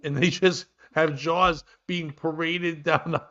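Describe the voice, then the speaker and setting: A man's voice: on the high side, steady tone, slow, pushed and bright. A man hosting a comedy podcast, ranting in a rambling, profane way. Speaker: podcast host. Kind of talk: casual comedic chat. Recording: dull lo-fi sound.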